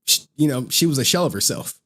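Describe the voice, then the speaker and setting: Animated streamer man retelling a movie. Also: mid-range voice, quick pace, slightly rough. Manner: animated, profane slang, acts out scenes with voices. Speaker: streamer recapping a horror movie. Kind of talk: casual stream chat.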